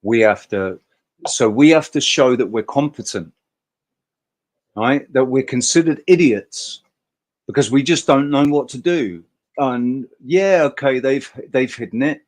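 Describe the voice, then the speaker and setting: A man's voice: mid-range voice, measured pace, darkish tone. A man hosting a casual livestream chat, talking emphatically in a rambling way and swearing freely. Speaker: host.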